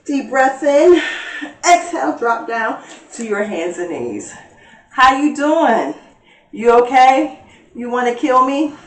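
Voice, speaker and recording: A woman's voice: high-pitched, expressive, takes it slowly, pauses often. A woman leading a yoga class, playful and giggly as she calls out each breath and pose. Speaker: yoga instructor. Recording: roomy echo, voice from a distance.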